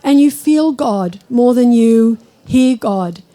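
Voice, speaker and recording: A woman giving a live spiritual talk to an audience, chatty and storytelling, slowing down when she speaks of God. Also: a little high, expressive, mellow, rough recording. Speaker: spiritual teacher.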